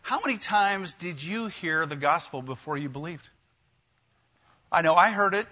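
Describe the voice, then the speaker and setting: A man's voice: fairly high pitch, animated, normal speed, pushed and bright, lo-fi sound. A man preaching a sermon in a conversational way, often asking his listeners questions. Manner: conversational, asks the congregation questions. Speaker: pastor.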